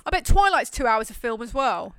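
A woman's voice: on the high side, a little fast, clear, resonant tone, no room sound. Chatty woman podcast host. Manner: chatty, animated, jokey. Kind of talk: casual chat.

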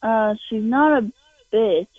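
A woman heard over a tinny phone line with a little hiss, speaking slowly and hesitantly in a slightly high voice. She answers a caller about the dog she is selling. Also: distant mic.

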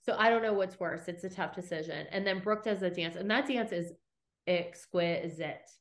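A middle-aged woman hosts a casual podcast and speaks into a podcast mic. She recaps old scenes with lively storytelling, acts out each quote, and swears freely. Her voice sits at an ordinary, mid-range pitch. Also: brisk. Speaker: podcast host recapping episodes.

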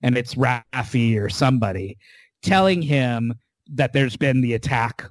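A man's voice: medium pitch, measured pace, no room sound. Dry, close man recapping a show. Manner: animated storyteller, swears casually. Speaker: podcast co-host. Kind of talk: casual chat, retelling an episode.

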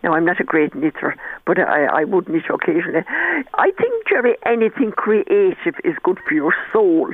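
An older woman author, appearing as a guest in a radio interview, tells stories in a chatty, rambling, warm way, often restarting her sentences. Her voice is fairly low and very animated at a normal pace, with a dry, close phone-line sound and no room sound.

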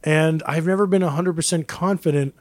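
A man co-hosting a casual podcast chat, with a voice pitched well above most men's. The recording is dry and close, with no room sound around him. He talks in a jokey, rambling way, filling gaps with ums and uhs. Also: steady tone, brisk, a little mellow, no echo. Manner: jokey, rambling, with frequent fillers. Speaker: podcast co-host presenting the drink.

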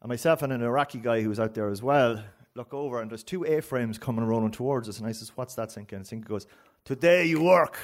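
An Irish man telling a story live on stage, in an animated, rambling way. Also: medium pitch, fast, few pauses. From Ireland. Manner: rambling and animated, with frequent restarts and laughs.

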